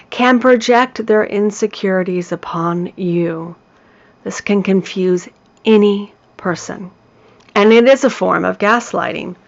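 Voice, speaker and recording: A woman gives a self-help talk at an unhurried, deliberate pace. Her voice sits in a middle pitch, and she shapes each point with care. The recording sounds dull and a little lo-fi. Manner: slow, deliberate and measured. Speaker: hypnotherapist and podcast host.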